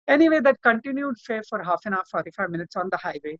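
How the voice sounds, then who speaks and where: A man's voice: high voice, lively intonation, fast talker, fairly bright tone, dry recording. A man, a lawyer telling his story in an interview in an impassioned, repetitive way. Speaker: lawyer and activist guest. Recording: dull, lo-fi sound.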